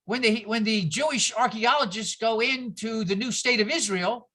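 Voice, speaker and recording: A man with a bright, forceful tone gives an informal teaching talk to a congregation. He is animated, jumping in pitch for emphasis, and keeps breaking off into asides while asking the room rhetorical questions. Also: moderate pace, hardly any pauses. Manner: animated, jumps in pitch for emphasis, frequent asides and self-interruptions; asks the audience rhetorical questions.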